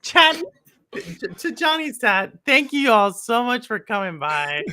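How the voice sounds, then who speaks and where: A woman hosting a relaxed talk show, her voice fairly high and full of lively swings. She reacts to her guest with expressive exclamations. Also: a little slow. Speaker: host. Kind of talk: casual chat.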